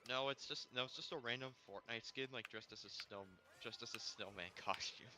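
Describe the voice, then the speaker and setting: A man's voice: medium pitch, noisy background. A man chatting casually with a streamer friend, rambling and restarting his sentences. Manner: rambling, restarts, quick laughs. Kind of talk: casual chat on a game stream.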